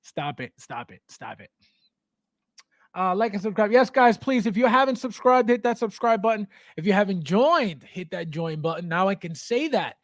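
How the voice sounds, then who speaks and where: A man hosting a casual livestream, reading viewer comments and talking in an animated way, with many repeated words and restarts. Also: sits high, moderate pace, few pauses, no echo. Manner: animated, repetitive, stammering restarts, laughs often. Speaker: livestream host.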